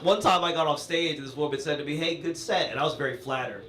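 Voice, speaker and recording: A man's voice: a little high, very fast. A young man performing a stand-up comedy set, playful and punchy, with conversational asides to the crowd. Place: comedy venue with audience laughter. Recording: roomy live club sound.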